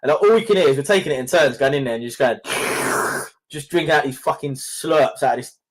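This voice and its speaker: A man speaks fast in a relaxed podcast chat. He tells anecdotes full of swearing and laughs along as he goes. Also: on the high side. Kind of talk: casual chat.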